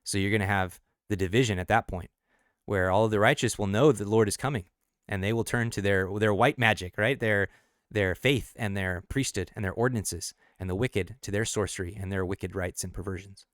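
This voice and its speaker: A man's voice: fairly low pitch, a little fast, dry recording, studio quality. A man on a casual late-night livestream, thinking aloud as he explains the lyrics of his own song. He restarts and corrects himself often and laughs easily between thoughts.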